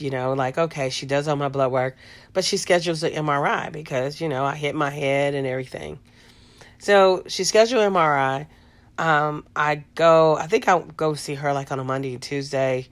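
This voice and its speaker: A woman's voice: deep voice, normal speed. A middle-aged woman hosting a podcast, telling a personal story in a casual, rambling way with lots of fillers. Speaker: podcast host.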